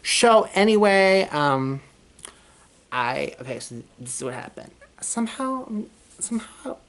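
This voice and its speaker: Young woman from Texas with a low voice, vlogging a rambling storytime full of restarts and swearing. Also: lively intonation, measured pace, a bit bright, slight background noise. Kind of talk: casual storytime.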